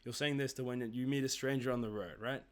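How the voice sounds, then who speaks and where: A man teaching a relaxed, conversational lesson on making sales calls. His pitch sits in the middle range. He explains points in a loose, chatty way and often ends them with a quick "right?" or "okay?". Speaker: sales coach.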